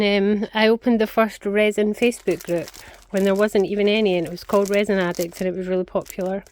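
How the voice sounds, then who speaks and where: A woman's voice: mid-range voice, a little hiss or hum. A middle-aged woman talking casually as she works in her craft studio, rambling from one thing to the next. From Scotland. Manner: rambling, chatty, talks to her pets. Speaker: craft vlogger. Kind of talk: casual chatty vlog.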